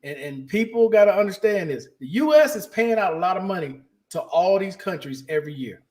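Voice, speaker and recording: A man's voice: high-pitched, expressive, a little mellow. A man hosting a casual podcast, talking bluntly and saltily. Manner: blunt, salty, fast-talking. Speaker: podcast host.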